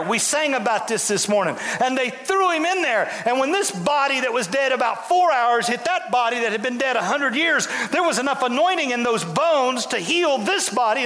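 A man preaches in a church, his voice pitched very high and bright. He jokes with the crowd and hammers refrains over and over. The hall gives his words a long reverberating tail. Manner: folksy, humorous, emphatic preaching with repeated refrains. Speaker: bishop preaching. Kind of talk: sermon. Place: church sanctuary.

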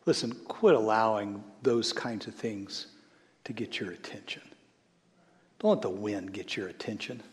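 A man preaching a sermon as a bishop, swinging between loud calls and hushed storytelling. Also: on the low side, measured pace. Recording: long hall reverb.

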